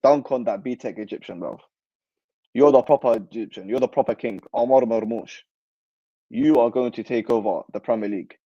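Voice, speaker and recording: A man's voice: mid-range voice, moderate pace, mellow, no room sound, lo-fi sound. A young man hosting a football channel, chatting casually and reacting animatedly to live comments in slang. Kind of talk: casual livestream chat.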